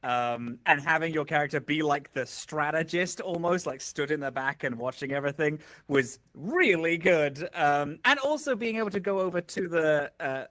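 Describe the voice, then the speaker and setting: A man's voice: on the high side, moderate pace, hardly any pauses, fairly bright tone. A man giving hesitant praise in casual chat after a tabletop game, with many "um" and "uh" fillers.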